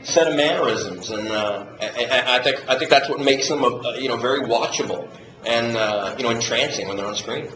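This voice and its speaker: An actor answers audience questions at a fan convention, telling stories in an animated way, swearing freely and laughing through his impressions of people. His voice is medium-pitched and moderately paced. It was captured on a handheld camcorder from the audience in an echoey room with ambient noise.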